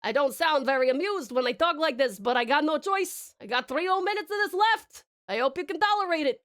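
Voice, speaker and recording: A woman streamer putting on a chummy male mobster character with an Italian-American accent and a flat, unamused drawl, chatting live with viewers. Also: high-pitched, fairly quick. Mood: gushing. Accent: put-on Italian-American mobster. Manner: calls people "dame" and "pal", slangy.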